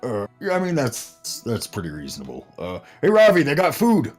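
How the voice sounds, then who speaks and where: Man, game player, hesitant and playful, swings widely in pitch. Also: huge pitch swings, moderate pace, faint music behind. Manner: hesitant, filler-heavy, playful. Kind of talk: casual tabletop role-play.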